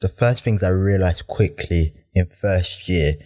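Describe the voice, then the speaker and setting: A man's voice: low voice, measured pace, mellow, no room sound, clean studio sound. A young man in casual chat, emphatic and agreeing. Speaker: podcast guest.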